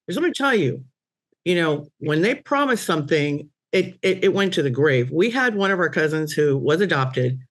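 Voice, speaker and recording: Animated woman telling a personal story. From Cuban-American family. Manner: animated, voice rising high for quoted exclamations. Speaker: medium on a podcast panel. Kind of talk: casual storytelling.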